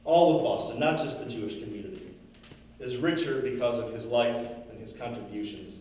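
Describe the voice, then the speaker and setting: A man's voice: medium pitch, brisk, mellow, slight background noise. Man reading a tribute in an echoing hall. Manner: reads a letter aloud in an imitation of the late man's voice. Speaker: speaker at a memorial. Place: large synagogue hall. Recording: echoey hall from far off.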